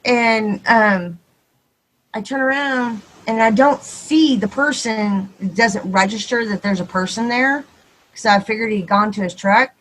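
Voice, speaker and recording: A woman with a Texan accent, probably in her thirties or forties, telling a ghost story on a podcast, quick and animated and acting out the dialogue. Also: on the high side, a little hiss or hum, rough recording. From Texas. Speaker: podcast guest. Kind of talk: casual storytelling.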